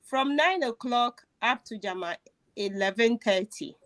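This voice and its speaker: A woman's voice: fairly high pitch, animated, a little slow, a bit bright. A woman telling a personal story in casual chat, emotional and laughing as she goes, with many restarts. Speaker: host.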